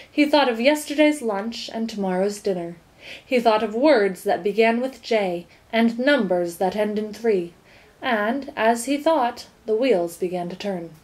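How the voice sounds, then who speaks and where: Woman reading a kids' book out loud, even and expressive, middle-pitched. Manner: measured, expressive reading aloud. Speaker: audiobook reader. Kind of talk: storybook narration.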